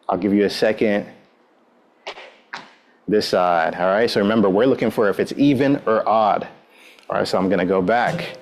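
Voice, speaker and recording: A man's voice: lowish voice, moderate pace, pauses often, slight background noise. Guy leading a workout class, upbeat and encouraging, counts down moves, says all right a lot. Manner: frequent "all right" between instructions. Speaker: exercise instructor.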